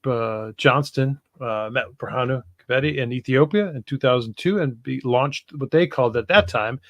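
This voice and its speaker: A man from Wisconsin, co-hosting a podcast in casual chat, easygoing and laughing often, with many pauses and uhs. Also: mid-range voice, no echo. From Wisconsin, USA. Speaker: podcast co-host, regional coordinator. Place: home room with books.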